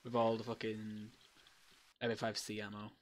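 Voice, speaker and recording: A man's voice: lowish voice, monotone, normal speed, slight background noise. A man running a military role-play game as game master, chatting casually over headset, loose and swearing with lots of fillers. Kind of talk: casual behind-the-scenes chat.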